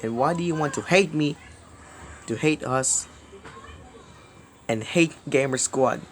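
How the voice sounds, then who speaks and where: With a little hiss or hum in the recording, a video creator pleads with the camera, repeating himself, lurching from loud outbursts into mumbles. His voice is a little high, and his halting delivery keeps restarting words.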